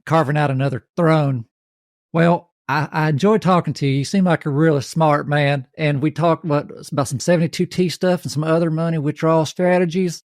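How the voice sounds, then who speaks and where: A man's voice: on the high side, steady tone, fairly quick, no echo, clean studio sound, lightly acted. A man hosting a podcast, putting on an exaggerated folksy Southern twang. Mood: folksy teasing. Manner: folksy, drawling, teasing. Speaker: podcast host.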